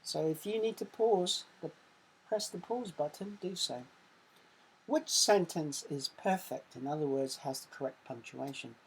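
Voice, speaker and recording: A woman with an English accent, a primary school teacher reading a quiz slowly and carefully in a recorded online lesson, giving sound words extra emphasis. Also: deep voice, slightly rough, rough recording.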